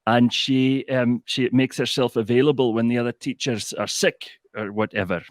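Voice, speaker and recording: A man doing an impression of a Scottish comedian telling a story, with a Scottish accent and an animated storytelling manner. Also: mid-range voice, moderate pace, no echo, studio quality, lightly acted.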